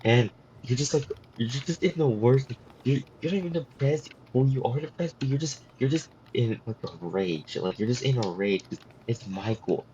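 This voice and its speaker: A man's voice: medium pitch, moderate pace, mellow, slight background noise. A man in a casual voice chat, rambling through silly made-up scenarios. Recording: slightly muffled voice chat audio.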